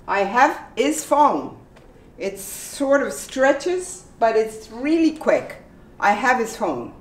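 Slow, careful woman teaching pronunciation. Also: a little high, big pitch swings. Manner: slow, repeats example sentences carefully. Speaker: English teacher. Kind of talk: pronunciation lesson. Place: library. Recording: echoey room, voice from the mic's distance.

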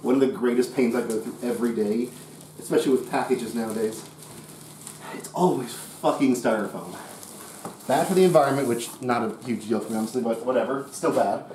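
A man's voice: medium pitch, fairly quick, darkish tone. A man in the middle of his range, cracking jokes and grumbling over the top while unpacking. He swears without a thought. The room rings with echo, and faint noise sits underneath. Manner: joking, swears casually, exaggerated complaints. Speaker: co-host unboxing a computer. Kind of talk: casual chat.

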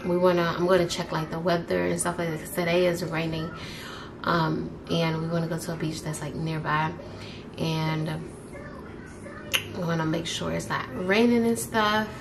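A woman's voice: on the low side, level tone, normal speed, creaky, music in the background. A woman vlogger chatting casually to the camera in a laid-back, chatty way, filming on a handheld camera. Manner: laid-back and chatty, talking straight to the viewers. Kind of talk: casual vlog chat to camera. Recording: noticeable background noise.

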